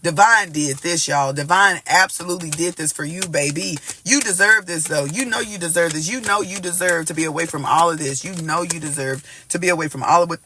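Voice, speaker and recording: A man's voice: high-pitched, brisk, few pauses. A man giving a casual collective tarot reading to viewers. He talks emphatically, keeps saying "y'all" and "like," and sometimes sings short lines of gospel songs. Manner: animated, emphatic, repeats "y'all" and "like" constantly; breaks into snatches of gospel song. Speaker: tarot reader.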